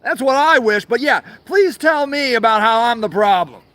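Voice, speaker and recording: Out in a garden, a man hosting his own show rants angrily, full of sarcasm, heavy swearing, and repetition. His voice is extremely high, pushed, and bright, expressive at a normal speed, with no echo.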